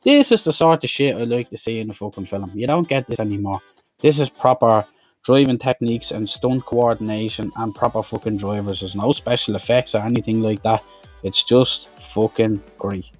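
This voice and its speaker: A man's voice: lowish voice, moderate pace, darkish tone, soft background music. A man giving a blunt, swear-heavy review of an action film, talking casually and with exasperation. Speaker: movie reviewer.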